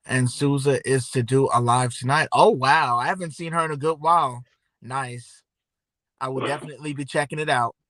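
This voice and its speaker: A man's voice: mid-range voice, normal speed, fairly bright tone, no room sound. A man co-hosting a podcast livestream, talking casually and rambling straight to his viewers. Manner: laid-back, rambling, talks straight to viewers. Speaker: podcast co-host.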